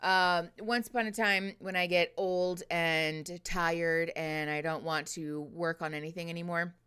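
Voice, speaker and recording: A woman's voice: fairly low pitch, fairly even intonation, unhurried, sharp tone, clear, resonant tone. A woman hosting a livestream, chatting casually with viewers, giggling often, swearing freely and using lots of fillers, close to a desk microphone. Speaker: livestream host.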